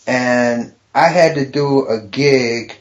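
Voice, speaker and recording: A middle-aged man, a stand-up comedian guest, telling a story in a profane, animated way, laughing often. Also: mid-range voice, slow. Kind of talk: casual storytelling. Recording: dull lo-fi podcast recording.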